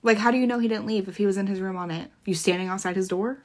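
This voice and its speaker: A woman's voice: mid-range voice, very fast, a little mellow. Blunt, profane young woman from Florida. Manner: blunt, profane, laughing storyteller. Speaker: true crime podcast co-host. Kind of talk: casual chat.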